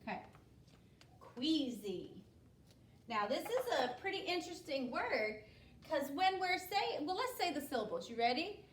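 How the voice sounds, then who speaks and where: A woman's voice: sits high, big pitch swings, measured pace, slight background noise. A woman teacher leading a spelling lesson, patient and instructive, checking in with "okay?" after each step. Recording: echoey room, voice from a distance.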